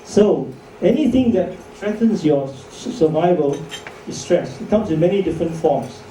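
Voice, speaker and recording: A man's voice: a little high, expressive, moderate pace, mellow. A man giving a chatty medical lecture to doctors, joking and asking rhetorical questions. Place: lecture hall. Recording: echoey hall from far off, faint noise.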